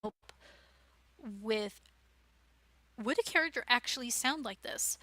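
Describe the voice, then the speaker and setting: A woman's voice: a little high, takes it slowly, long pauses, sharp tone, no room sound. A woman leading a writing club, giving an informal, chatty talk with frequent restarts and fillers. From United States. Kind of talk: casual informal teaching talk.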